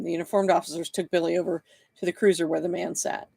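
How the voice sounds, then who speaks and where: A man reading his own novel aloud with steady, plain narration. His voice is gravelly, and the recording is close and dry. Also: a little high, fast, no room sound. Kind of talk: live book reading.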